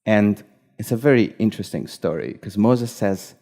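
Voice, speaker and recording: A man telling a story at a live event, speaking in measured, short phrases. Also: lowish voice, dark tone.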